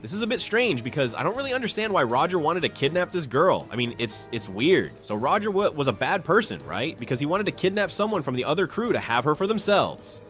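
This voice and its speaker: Lively, opinionated man recapping a manga. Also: a little high, faint music behind. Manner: opinionated, quick to scoff at fan theories. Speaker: manga commentator. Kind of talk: chapter recap commentary.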